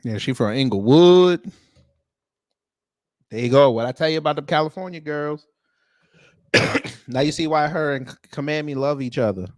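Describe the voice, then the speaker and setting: A man's voice: a little high, normal speed, pauses often, no room sound, clean studio sound. A man hosting a casual reaction commentary, talking bluntly with exclamations and repeated phrases. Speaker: host commenting on a court hearing.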